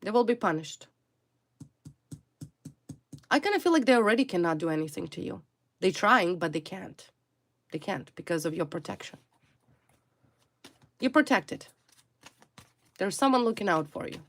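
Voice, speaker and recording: A woman speaking at a mid pitch gives a tarot reading straight to the viewer. She presses hard on her points and circles back to the same blunt words again and again. Her English phrasing has a non-native ring to it. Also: very animated, normal speed, long pauses. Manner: emphatic and repetitive, hammering single words. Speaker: tarot reader.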